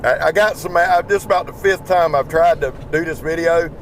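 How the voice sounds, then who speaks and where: A man's voice: a little high, fairly quick, slight background noise. Tired Southern man rambling while driving. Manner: rambling, folksy, swears freely. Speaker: YouTube knife channel host. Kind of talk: casual driving vlog chat. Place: inside a pickup truck while driving. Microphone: small microphone in the truck.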